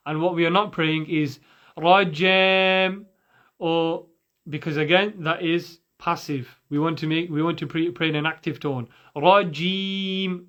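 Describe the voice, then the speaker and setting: A man's voice: a little high, a bit bright, muffled recording. A man teaching Quran recitation rules in a patient way, demonstrating and repeating sounds for the listener. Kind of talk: recorded recitation lesson.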